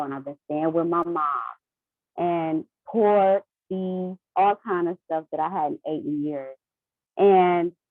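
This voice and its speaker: A woman's voice: low-pitched, dry recording. Earnest woman on a tinny call line. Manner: earnest, rambling, emotional. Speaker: call participant. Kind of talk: casual sharing on a group call. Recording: tinny phone-like call audio.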